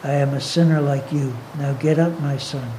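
Male reader as a revered elderly master, gentle yet firm, mellow tone, faint hiss behind. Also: a little high, fairly even intonation, normal speed, natural voice, low-quality recording. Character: revered spiritual master, older man, calm, kindly and firm.

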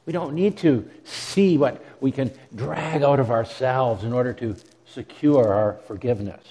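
With a mellow, mid-range voice and an unhurried pace, a male pastor preaches a sermon in earnest. He repeats words as he restarts and offers dramatic asides in quotation, and the room gives a long hall reverb.

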